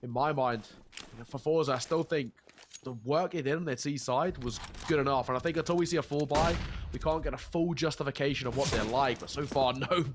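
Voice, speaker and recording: A man's voice: medium pitch, a little fast, background noise. A man with a cold, sounding nasal, casting an esports match in a chatty way, laughing easily and often restarting his sentences. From England, born in South Africa. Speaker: esports caster. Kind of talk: esports commentary.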